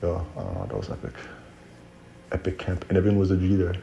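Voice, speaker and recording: A man's voice: deep voice, big pitch swings, quick pace, gravelly, dark tone, muffled recording. A man telling a rambling personal story in casual slang, often correcting himself mid-sentence.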